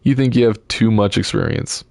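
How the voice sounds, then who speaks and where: A man's voice: on the low side, lively intonation, normal speed, gravelly, a little mellow, dry recording. A man voicing a haughty, rakish young duke who speaks in a dry, superior drawl. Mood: mocking.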